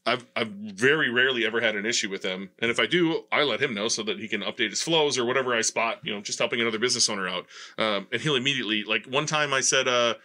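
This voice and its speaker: Fast-talking male host, sharp, bright voice, energetic and casual. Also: mid-range voice. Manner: quick, energetic, sponsor plugs. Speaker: podcast host. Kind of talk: casual podcast conversation.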